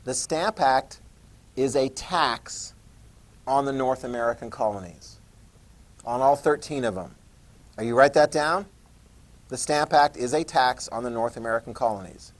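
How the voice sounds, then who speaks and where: A man's voice: medium pitch, unhurried, long pauses. A man teaching a history class in a conversational lecture style, repeating key points and checking that students follow. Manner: conversational, repetitive, checks understanding.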